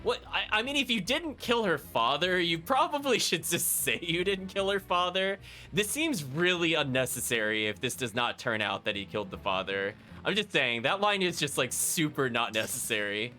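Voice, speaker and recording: A man's voice: a little high, lively intonation, normal speed, sharp tone. A man streaming a video game, giving casual play-by-play commentary with wry asides to his chat. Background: game music.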